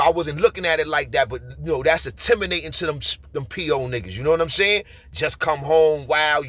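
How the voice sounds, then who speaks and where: A man in his forties with a New York accent, telling street stories in a casual, animated way. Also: a little high. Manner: streetwise, animated, repeats "you heard?". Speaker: storyteller. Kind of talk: casual storytelling.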